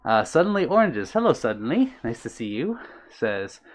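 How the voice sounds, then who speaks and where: In his own room on a live stream, a man with a mid-range voice and big pitch swings talks at normal speed. He reads chat aloud in a friendly, casual way, filled with ums and uhs, and at times sounds slightly winded.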